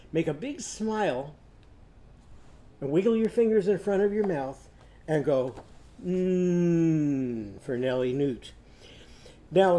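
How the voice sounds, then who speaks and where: A man's voice: fairly high pitch, mellow. A man teaching a children's literacy lesson, patient and sing-song, often singing lines for kids to repeat.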